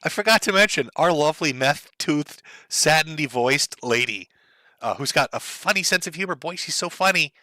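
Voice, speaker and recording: A man's voice: on the high side, lively intonation, a little fast, hardly any pauses, sharp tone, dry recording. A man streaming live, giving profane, mocking commentary over clips.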